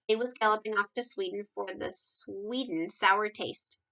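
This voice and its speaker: A woman's voice: normal speed, a bit bright, muffled recording, lightly acted. A woman voicing a huge kindly male giant who talks in muddled, mangled English. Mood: eager. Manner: mangled English, booming and eager.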